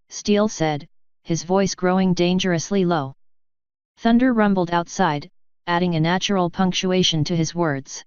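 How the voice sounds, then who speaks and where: Woman reading fanfic aloud, real smooth voice, dry kinda muffled audio. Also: on the low side, moderate pace, darkish tone, dry recording. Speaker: fanfiction reader. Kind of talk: audiobook narration.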